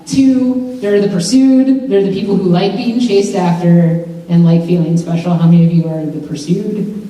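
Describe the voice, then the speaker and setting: A young adult woman telling a personal story to students in a lecture hall, chatty and animated with lots of fillers. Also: fairly low pitch. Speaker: mental health speaker. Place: large university lecture hall. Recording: very echoey hall from far off.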